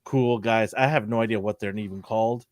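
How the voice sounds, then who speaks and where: A man's voice: fairly low pitch, fairly even intonation, a little fast, no room sound, clean studio sound. A man hosting a casual pop culture show who laughs often and reads out comments from viewers. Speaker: podcast host. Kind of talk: casual chat.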